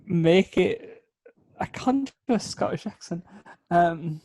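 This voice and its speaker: A man's voice: high voice, animated, slow pace, vocal fry, darkish tone, no echo. A man co-hosting a podcast, chatting wryly about a film with jokey asides. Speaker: podcast co-host. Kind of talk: casual comedic film review.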